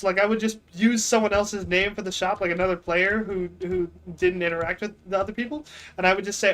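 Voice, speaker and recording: A man telling a long story on stream in a casual, rambling way, full of fillers and restarts, with deadpan mock boasting about himself. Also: high voice, a little fast, clear, resonant tone, poor audio. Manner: rambling, self-mocking, with lots of fillers and restarts.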